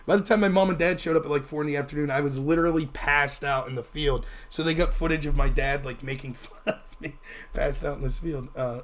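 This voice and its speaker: A man's voice: on the high side, fairly quick. A man hosting a livestream and telling a long, rambling story in a casual, profane way. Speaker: livestream host.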